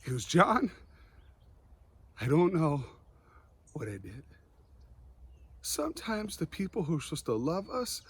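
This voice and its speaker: A man's voice: fairly high pitch, breathy edge. Earnest man telling a personal story. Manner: earnest, dramatic pauses, slight stutter. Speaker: motivational speaker. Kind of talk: emotional storytelling speech.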